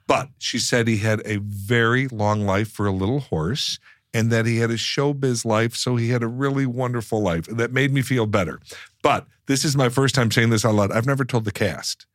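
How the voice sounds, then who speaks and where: A man's voice: medium pitch, fairly even intonation, no room sound. Man, podcast co-host, casual storytelling, gushing, dry close mic. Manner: gushing, storytelling, quick to laugh, restarts sentences. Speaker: podcast co-host and former cast member. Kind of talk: casual chat.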